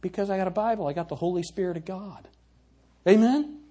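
A man's voice: sits high, a little fast, dark tone. A male pastor preaching a sermon, reading King James verses aloud and retelling them in plain words, with questions to the congregation. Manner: asks the congregation questions and calls for "Amen?".

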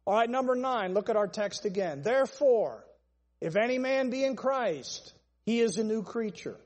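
Male preacher, emphatic sermon, high voice, long hall reverb. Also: animated, moderate pace, a little mellow. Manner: emphatic, repetitive list-style preaching.

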